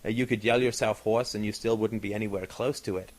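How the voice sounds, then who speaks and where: A man's voice: on the low side, steady tone, fast. A man hosting a podcast in casual chat, talking in a discursive, analytical way with many fillers and restarts. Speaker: podcast host.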